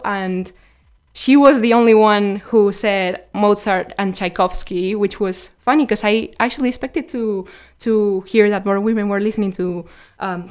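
A woman's voice: medium pitch, clean tone. A woman hosting a radio show, sharing science facts between songs in a loose, chatty way with many fillers and self-corrections.

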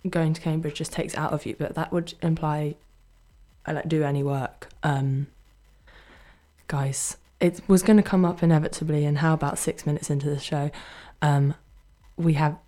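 A young woman from Brighton, England, with a Brighton English accent, chats casually between songs as a student radio DJ. She's self-deprecating and laughs often. Her voice is low-pitched and steady, and she speaks unhurriedly.

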